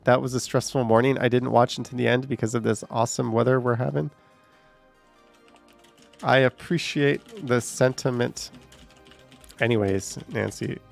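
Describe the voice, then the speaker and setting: A man's voice: medium pitch, steady tone, moderate pace, creaky, faint music behind. A man hosting a casual livestream, reading out chat comments with joking, sarcastic asides and a bit short of breath.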